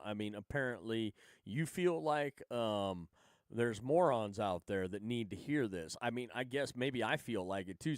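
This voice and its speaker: A man's voice: medium pitch, dry recording, studio quality. Profane ranting male streamer. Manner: profane, blunt, sarcastic. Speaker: livestream host. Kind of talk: ranting casual commentary.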